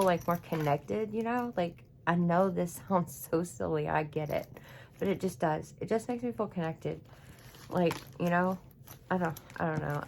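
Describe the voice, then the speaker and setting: Unboxing craft supplies in a casual vlog from her home craft room, this YouTuber chats, gushes, gets emotional, and says "y'all" a lot. Her lowish voice is creaky and a little mellow, over a slight hiss or hum.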